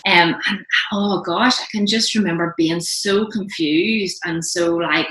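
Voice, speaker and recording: A woman speaks as an interview guest, her voice low-pitched but bright and forceful. She talks earnestly, halting and restarting her sentences. The room around her is roomy and echoing. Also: steady tone. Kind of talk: casual interview, personal testimony. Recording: roomy echo.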